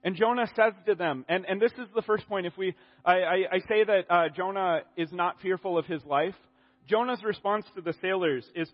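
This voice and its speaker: High-voiced male preacher in a hall. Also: brisk. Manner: animated, acts out quotes, restarts often. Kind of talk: sermon. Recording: dull audio in a reverberant hall.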